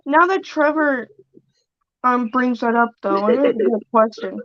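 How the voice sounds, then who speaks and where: A woman's voice: a little high, lively intonation, unhurried, slight background noise. Chatty woman reacting casually. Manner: chatty, laughs between remarks. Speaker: co-viewer. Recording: dry, dull lo-fi audio.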